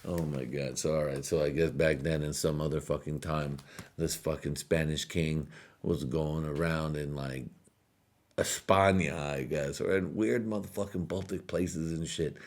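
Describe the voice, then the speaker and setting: A stoned man hosts a podcast with a very low voice. He rambles and swears through a loose monologue, and his talk keeps drifting and breaking into laughter. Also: steady tone, a little slow. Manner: rambling, profane, laughs often. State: high. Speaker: podcast host.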